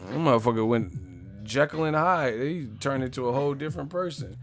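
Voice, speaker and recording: A man with an American accent chatting on a live stream, with a middle-pitched, everyday voice. He tells funny stories loosely and profanely, laughs through them, and drops into small impressions. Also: lively intonation, fairly quick, soft background music. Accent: US English. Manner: profane, joking storyteller who laughs a lot. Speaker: boxing live-stream host. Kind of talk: casual live-stream chat.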